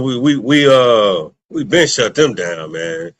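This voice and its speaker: A man's voice: mid-range voice, lively intonation, takes it slowly, no room sound. A man co-hosting a casual religious discussion, rambling and often checking in with his listener. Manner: rambling, keeps asking "you understand me". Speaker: co-host.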